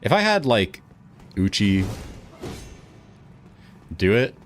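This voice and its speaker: A man's voice: lowish voice, big pitch swings, slow. A man with a Texan accent, chatting casually with viewers while streaming a game, laid-back and talkative. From Texas. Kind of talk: casual chat while gaming and reading chat.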